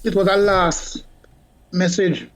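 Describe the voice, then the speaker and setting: A Jamaican man sharing memories in a casual chat. He often stops and restarts mid-sentence. His voice sits fairly high for a man. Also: level tone. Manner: halting, many restarts.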